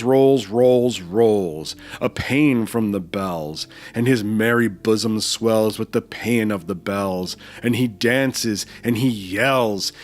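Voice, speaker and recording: A man recording a voice-over while he draws. He reads a poem theatrically, then chats in a relaxed, rambling way. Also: on the low side. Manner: theatrical recitation with swelling and fading volume; relaxed, rambling chat with fillers. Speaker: artist drawing on video. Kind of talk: dramatic poetry reading, then casual chat.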